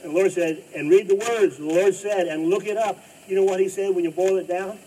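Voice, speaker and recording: A man's voice: high voice, fairly quick. Preaching man, heard from a distance. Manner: emphatic preaching, loud bursts and quiet drops. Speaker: pastor. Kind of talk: sermon. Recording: distant mic with faint noise.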